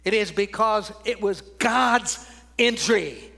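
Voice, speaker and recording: Older man, preacher, sermon delivery, high-pitched, bright and forceful, swings between ringing and hushed. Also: slow pace, gravelly. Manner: dramatic swings from loud declaiming to hushed near-whispers.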